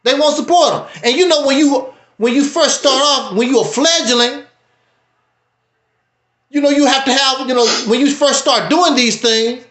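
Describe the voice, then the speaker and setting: A man hosting a livestream, talking in a casual, preachy, emphatic way with wide swings in pitch. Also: pushed and bright, roomy sound. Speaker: livestream host. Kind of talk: casual commentary.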